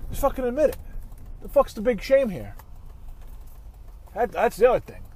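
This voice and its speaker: A man's voice: extremely high pitch, huge pitch swings, moderate pace, darkish tone, a little hiss or hum. A man ranting in a casual, profane, rambling way while driving in his car. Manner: heated, swearing, rambling. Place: inside a car.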